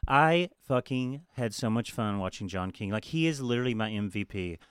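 Casual, animated man on a dry mic. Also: medium pitch, moderate pace, clear, resonant tone, no echo. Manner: animated, swearing, laughs often. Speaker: podcast co-host. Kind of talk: casual chat.

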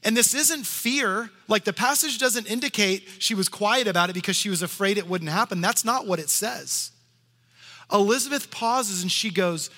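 A man preaching a sermon as pastor, talking in a conversational way and dropping to soft hushed tones for emphasis. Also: sits high, moderate pace, big-room sound. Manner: conversational asides.

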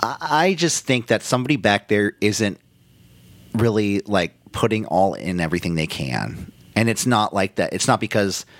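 Male podcast co-host, low voice, dry close sound, casual and profane recap. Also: animated, normal speed, no room sound. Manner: loose, profane, recaps play by play. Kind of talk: casual wrestling recap chat.

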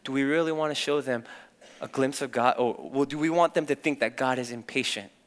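This young male youth pastor delivers his sermon at a fairly quick clip in a medium-pitched voice. He tells stories candidly and animatedly, and the church setting adds a long hall reverb.

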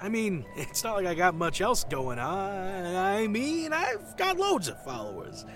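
A man's voice: high voice, huge pitch swings, a little slow, a bit bright, faint music behind, pitched above the performer's own voice, full character voice. A man voicing a boastful old male forest god with a hearty, folksy manner. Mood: jovial. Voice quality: hearty, folksy, self-satisfied.

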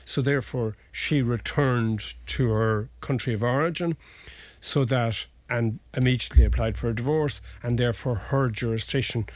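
A man's voice: medium pitch, normal speed, darkish tone, no room sound. A man, a family law solicitor, explaining cases in a rambling, anecdotal way during a conversational interview.

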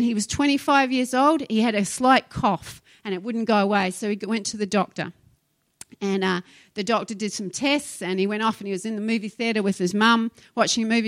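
A woman's voice: mid-range voice, no echo. A woman pastor preaching a sermon, emphatic and impassioned, telling stories to her congregation.

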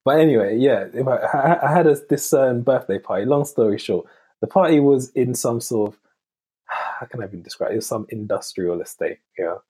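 A man's voice: mid-range voice, animated, fairly quick, dark tone, husky. A man in casual chat, starting a story hesitantly and searching for his words.

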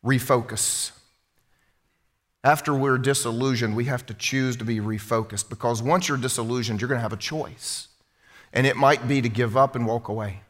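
A man preaching a sermon as pastor, animated and quizzing his congregation in a church. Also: mid-range voice, normal speed, big-room sound. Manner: animated, questioning the congregation directly. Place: church sanctuary.

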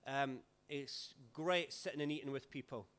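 A Scottish man, a pastor, giving a chatty, relaxed sermon with stories and fillers. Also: mid-range voice, normal speed, clean tone. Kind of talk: informal sermon storytelling.

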